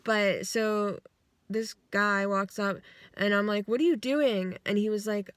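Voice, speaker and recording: Casual woman vlogger, rambling, animated quoting, dry close sound, car. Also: mid-range voice, measured pace, no room sound. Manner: rambling and animated, acts out quotes, swears freely. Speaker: vlogger retelling her dreams. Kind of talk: casual storytelling. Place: inside her car.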